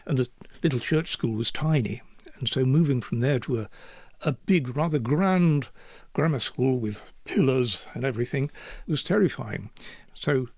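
A Yorkshire man in his seventies speaks as an interview guest in a mid-range voice that is animated, a little mellow, and husky. He is thoughtful and measured with occasional restarts in this reflective conversational interview, captured as clean studio sound with no echo.

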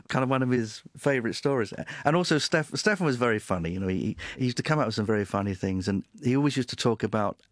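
A man's voice: lowish voice, dry recording, studio quality. Chatty male musician telling anecdotes. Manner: chatty, reminiscing, laughs often. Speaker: musician guest. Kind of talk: anecdotal chat.

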